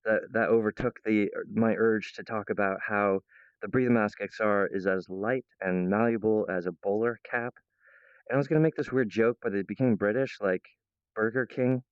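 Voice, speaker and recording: A man's voice: on the low side, steady tone, moderate pace, clear, resonant tone, no room sound, muffled recording. A man vlogging at home in a meandering, playful monologue full of restarts, stray thoughts and silly voices. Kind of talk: rambling casual monologue to camera. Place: at home, in the kitchen.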